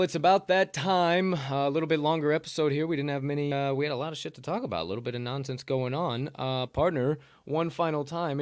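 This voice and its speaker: A man's voice: medium pitch, dry recording, clean studio sound. A man with a Southern accent co-hosting a casual sports betting podcast, loose and profane, with hyped sign-offs. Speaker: podcast co-host.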